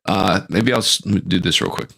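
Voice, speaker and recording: A man's voice: low voice, normal speed, gravelly, pushed and bright, husky. A man co-hosting a podcast, chatting casually and teasing his co-host over a home mic. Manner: jokey, teasing. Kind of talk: casual chat. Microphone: home microphone over a call.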